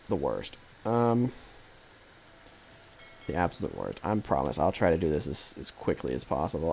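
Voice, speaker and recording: A man's voice: deep voice, creaky, darkish tone, slight background noise. A man streaming a strategy game live, commentating casually in a rambling, jokey way that keeps correcting itself.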